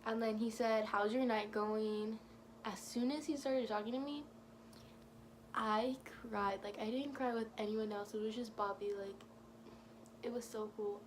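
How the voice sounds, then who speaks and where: Woman vlogger, high voice, rambling fan storytime, lots of "like". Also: steady tone, unhurried, slight background noise. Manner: gushing, rambling, heavy use of "like". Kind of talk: casual storytime vlog.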